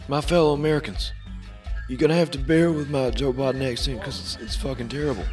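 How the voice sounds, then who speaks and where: A man doing a comic impression of a muddled old American president, rambling and halting. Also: medium pitch, fairly even intonation, recorded from a distance, music in the background, natural voice.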